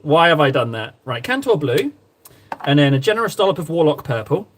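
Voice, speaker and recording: A man's voice: on the high side, sing-song, a little fast, slight background noise. Playful man chatting while painting. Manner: playful, rambling, talks to chat while painting. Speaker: streamer painting miniatures. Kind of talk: casual live-stream chat.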